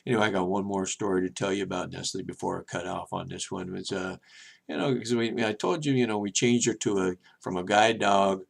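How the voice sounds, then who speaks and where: An older man hosting his own video show, telling rambling personal stories in a chatty, meandering way with many restarts, and getting animated when he quotes other people. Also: low-pitched, fairly quick, creaky. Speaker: vlog host.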